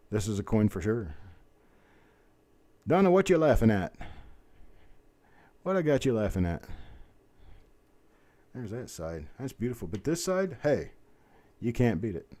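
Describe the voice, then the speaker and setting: A man's voice: on the low side, dark tone. A man hosting a live coin auction, rattling off bid calls between folksy, easygoing chatter. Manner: rapid bid-calling chant mixed with folksy chatter. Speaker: auctioneer host. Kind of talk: live online auction calling.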